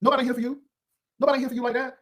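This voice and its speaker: A man with a notably high voice rattles off sassy, cutting commentary at a breakneck clip. He rambles from one put-down to the next as he hosts his own video. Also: flat delivery, racing. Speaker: YouTube commentary host. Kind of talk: unscripted drama commentary.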